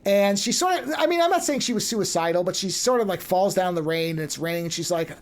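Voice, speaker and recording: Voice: mid-range voice, lively intonation, quick pace. A podcast host in casual chat, animatedly retelling a story and briefly acting out the characters' lines. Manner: loose and chatty, frequent restarts.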